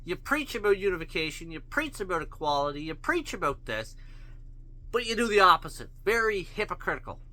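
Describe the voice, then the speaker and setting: High, sharp-voiced man ranting. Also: very animated, a little fast. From Canada. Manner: angry, blunt, profane ranting. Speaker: vlogger. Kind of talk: solo rant to camera.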